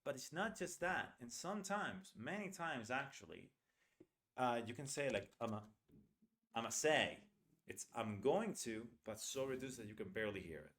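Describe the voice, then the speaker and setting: A man's voice: mid-range voice, very animated, a bit bright. A man teaching an English pronunciation lesson, reading short lines aloud and repeating phrases to show how words get reduced. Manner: slows down to spell out sounds.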